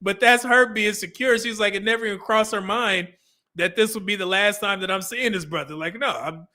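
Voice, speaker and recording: Bright-voiced, animated male host. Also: sits high, brisk. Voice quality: laughs often while telling stories. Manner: animated storyteller, acts out quoted lines. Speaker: podcast host. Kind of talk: casual livestream chat.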